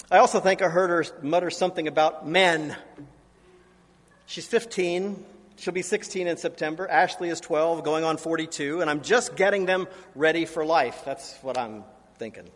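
A man's voice: a little high, fairly bright tone, long reverb tail. A man in his forties, a pastor preaching a sermon in a church, telling stories in a self-deprecating way. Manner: anecdotal, self-deprecating storytelling. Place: church sanctuary.

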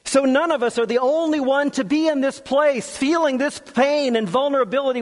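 A man preaching a sermon, earnest and deliberate, often sinking to a soft, low voice on key words. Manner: slow, earnest, with long pauses and drops to a soft low voice. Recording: long hall reverb.

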